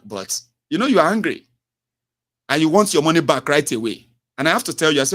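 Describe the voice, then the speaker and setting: A man's voice: mid-range voice, lively intonation, fast talker, fairly bright tone. Man hosting a call-in show. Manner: expansive, repeats himself, tags lines with "eh?" and "you know". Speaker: radio call-in host. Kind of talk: radio call-in talk. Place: home radio studio.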